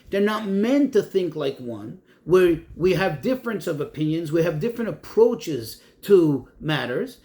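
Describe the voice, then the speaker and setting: Rabbi giving a Torah class, man a high voice and a lively pitch swinging up and down, who asks questions and then explains. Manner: poses questions then answers them, reads Hebrew phrases and translates. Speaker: rabbi teaching a text class.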